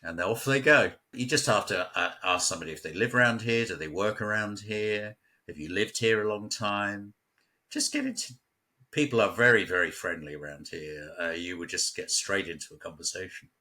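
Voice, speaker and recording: Talking fairly quickly in a low, bright and forceful voice, this West London Englishman chats casually as a local guest. He tells stories and laughs frequently.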